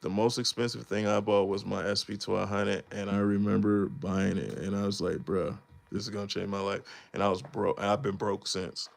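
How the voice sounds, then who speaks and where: Man, 30s, low gravelly voice; loose, slangy live-stream banter with frequent laughs. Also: flat delivery, moderate pace, hardly any pauses. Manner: laid-back slangy rambling, laughs often. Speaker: beatmaker streamer. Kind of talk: casual live-stream chat.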